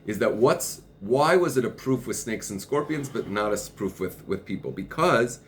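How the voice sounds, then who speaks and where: A man's voice: mid-range voice, expressive, moderate pace, a little hiss or hum. A man teaching religious texts in conversation, working through a passage step by step and reading parts of it aloud. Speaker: Torah teacher.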